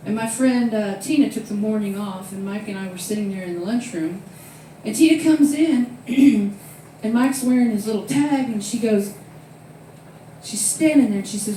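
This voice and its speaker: A woman's voice: mid-range voice, moderate pace, far from the mic, a little hiss or hum. Echoey older woman doing stand-up. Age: 60s. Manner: animated storytelling with loud acted-out quotes. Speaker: stand-up comedian. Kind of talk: stand-up comedy set. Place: comedy club stage. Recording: very echoey room, voice off-mic.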